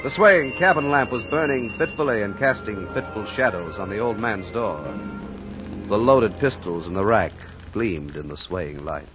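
A man's voice: lowish voice, animated. Male narrator over music. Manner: measured, literary. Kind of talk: scripted dramatic narration. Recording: dull lo-fi radio recording.

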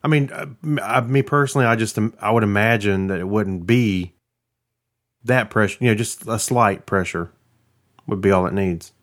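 A male co-host with a lowish voice, chatting in an easygoing way and chuckling along. He often hesitates and restarts. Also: moderate pace. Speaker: podcast co-host. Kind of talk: casual chat.

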